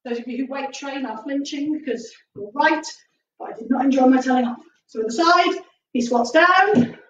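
A woman's voice: high voice, moderate pace, roomy sound. Woman, martial arts coach, upbeat jokey class cues, distant mic, dull lo-fi sound with faint hiss. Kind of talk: live online class instruction.

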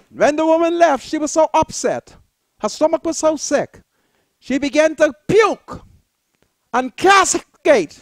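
A man with a Bahamian accent hosting a show, giving impassioned, preachy commentary that repeats phrases and bursts into shouts. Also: very high-pitched, expressive, a little slow, no room sound, studio quality. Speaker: show host.

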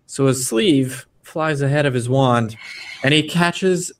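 A man running a tabletop role-playing game as game master, narrating the scene with lively storytelling. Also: medium pitch, takes it slowly, recorded from a distance. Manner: lively storytelling, slipping into character voices.

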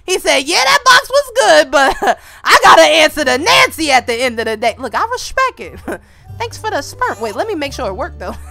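High bright-voiced woman gaming YouTuber. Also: brisk, vocal fry, no echo, studio quality, faint music behind. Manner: animated, joking, laughs often, breaks into shouts. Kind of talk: casual gameplay commentary.

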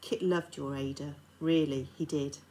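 A stern lady of the manor, still a grieving mother, speaking low and grave, as a woman reads her lines aloud. She gives commands one moment and halts over her words the next. Her voice is deep for a woman. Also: fairly even intonation, measured pace, dark tone, poor audio.

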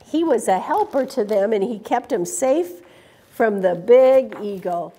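A woman reading a picture book aloud to children in an animated way, stopping to ask them questions. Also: a little high, unhurried, husky. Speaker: storytime reader.

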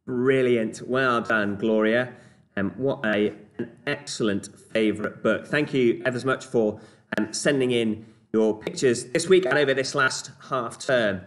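A man's voice: mid-range voice, measured pace. A man leading an online children's club, playful and encouraging, with mock-exasperated exclamations.

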